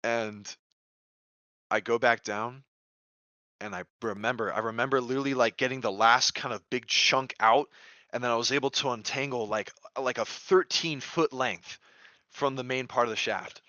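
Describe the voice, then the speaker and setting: Bright-voiced man telling a wild story. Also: medium pitch, moderate pace, no echo. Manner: animated, swings from quiet narration to loud exclaimed quotes; loose and profane, heavy use of "like". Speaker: podcast guest. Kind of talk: casual podcast storytelling. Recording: dry, dull lo-fi sound.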